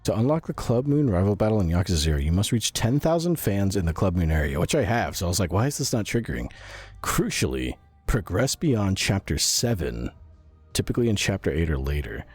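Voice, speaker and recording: A man with a very low voice that sounds strained and roughened from yelling, chatting casually on a game stream. His pitch swings widely between remarks as he reacts aloud and answers chat. Faint game music plays behind him. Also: very animated, brisk.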